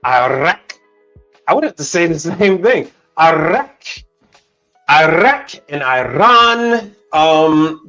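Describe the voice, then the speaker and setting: A man hosts a casual livestream and talks bluntly, swearing freely. His delivery is slow, but his pitch jumps around a lot. The audio is dull and lo-fi, with faint music underneath. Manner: blunt, profane, animated. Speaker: livestream host. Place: Houston, Texas.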